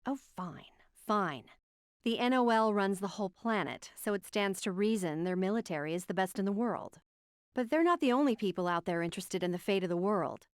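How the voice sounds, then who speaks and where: An arrogant, sharp-tongued female scientist lectures with condescending sarcasm, voiced by a woman reading a game. Her voice sits mid-pitch and sounds close and dry. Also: animated, a little fast, clear, resonant tone, no room sound, lightly acted. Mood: smug.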